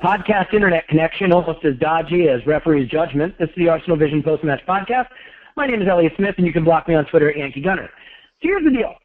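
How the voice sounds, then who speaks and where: A man's voice: a little high, animated, quick pace, no room sound. Male host, dry joking manner, phoning in over bad cell reception. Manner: wry, self-deprecating. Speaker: podcast host. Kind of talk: casual podcast hosting. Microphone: phone call. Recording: tinny cell phone line.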